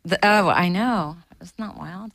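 A woman's voice: lowish voice, a little slow, a bit bright, no echo. A woman co-hosting in casual chat, teasing her partner and laughing often. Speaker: co-host. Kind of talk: casual joking commentary.

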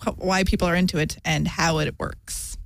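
A woman's voice: lowish voice, fairly even intonation, moderate pace, no echo, studio quality. A woman guest in a casual chat, wry and joking, laughing often.

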